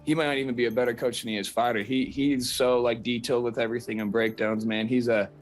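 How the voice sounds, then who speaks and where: A young man with a Northern California accent answers questions in a loose, slangy ramble, full of "you know" and restarts. His pitch sits in an ordinary middle range, with faint music behind him. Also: flat delivery, fast, poor audio. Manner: laid-back, slangy, rambling with fillers. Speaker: fighter, guest. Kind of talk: casual interview.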